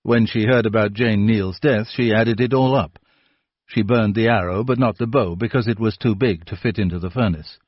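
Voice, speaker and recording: A man voicing a calm, patient older police inspector who lays out his reasoning steadily. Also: fairly low pitch, dry recording, dull audio, lightly acted. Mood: probing. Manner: measured, quietly probing.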